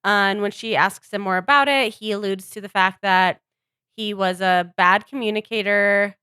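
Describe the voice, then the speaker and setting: A woman with a bright, forceful tone co-hosts a casual chat podcast, recapping events with easy fillers. The sound is dry and close to the mic. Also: medium pitch, steady tone, moderate pace, clean tone, no room sound. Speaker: podcast co-host.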